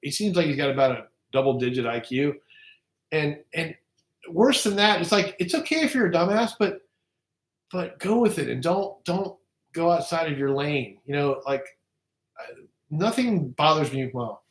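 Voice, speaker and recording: A man's voice: a little high, lively intonation, normal speed. Profane, rambling man on a livestream. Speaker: livestream guest. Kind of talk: casual livestream chat. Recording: echoey room.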